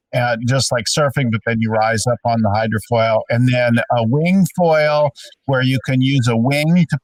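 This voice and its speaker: A man's voice: mid-range voice, no echo. A man in his fifties co-hosting a podcast, chatting casually in an upbeat, emphatic way. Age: 50s. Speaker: podcast co-host. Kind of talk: casual chat. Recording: dry sound, distant from the mic.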